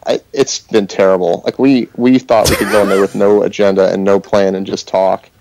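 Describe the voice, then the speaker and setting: A man's voice: lowish voice, flat delivery, moderate pace, darkish tone, no room sound, low-quality recording. Teasing man with a dry close voice. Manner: teasing, repeats a jab over and over. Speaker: podcast co-host. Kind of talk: casual podcast banter.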